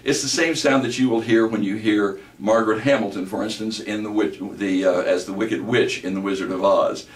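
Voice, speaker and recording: Deep-voiced male voice teacher, roomy sound. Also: fairly even intonation. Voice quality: deep bass voice. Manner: explanatory, measured teaching delivery. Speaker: voice instructor. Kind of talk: recorded lecture with vocal demonstrations. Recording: roomy, distant mic.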